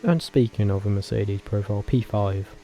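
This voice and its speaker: A man vlogging casually, talking in a rambling, animated way with frequent self-corrections and tangents. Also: fairly low pitch, normal speed. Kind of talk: casual opinionated commentary.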